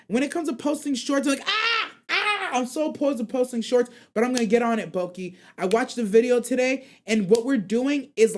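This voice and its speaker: Young dude hosting an anime stream show, rambly slang, voice jumps around when he gets hyped. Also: very high voice. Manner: loose slang-heavy rambling with animated voice jumps. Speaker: host of an anime call-in radio show. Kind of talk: casual livestream chat, reading viewer chat.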